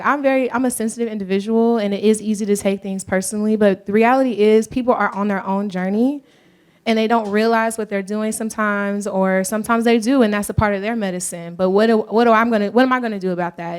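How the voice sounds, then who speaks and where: A woman's voice: mid-range voice, clear, resonant tone. Earnest Southern woman on a panel. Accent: light Southern US. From Georgia, US. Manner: earnest, reflective, addresses the room as y'all. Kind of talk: panel discussion. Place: live event room with audience.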